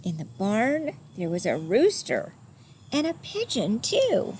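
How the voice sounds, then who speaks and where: A woman with a fairly high voice reads a picture book aloud to children at an unhurried pace, her pitch rising and falling widely. Gentle and lively, she makes the animal sounds herself and stops to ask her young listeners questions. A faint noise sits in the background.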